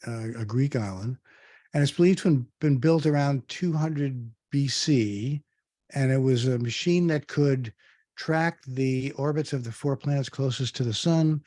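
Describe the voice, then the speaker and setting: An older man in his sixties presents to an online audience in a relaxed, chatty way, pausing to quiz listeners. His voice is warm and mellow at a middle pitch. The sound is dry and close, with no room echo. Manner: conversational, quizzes the audience, frequent ums. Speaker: guest speaker.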